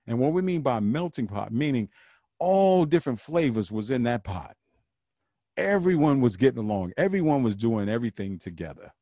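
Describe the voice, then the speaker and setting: Earnest man with a lively, animated voice. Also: medium pitch, normal speed, no room sound, studio quality. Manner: earnest, preachy, repeats phrases for emphasis. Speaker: podcast host. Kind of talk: solo podcast monologue.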